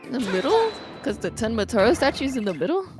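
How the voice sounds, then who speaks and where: Co-host: woman, higher voice, casual and unsure, pauses to reason things through. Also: big pitch swings, music in the background. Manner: thinking aloud, hesitant, lots of fillers. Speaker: co-streamer and voice actor. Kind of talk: casual gameplay chat.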